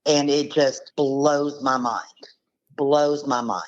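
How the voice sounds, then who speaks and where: A woman's voice: extremely low pitch, steady tone, takes it slowly. Woman telling it straight, emphatic and blunt, kinda muffled lo-fi sound. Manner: emphatic, blunt retelling with acted quotes. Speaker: scam victim's niece, guest. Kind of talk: casual storytelling interview.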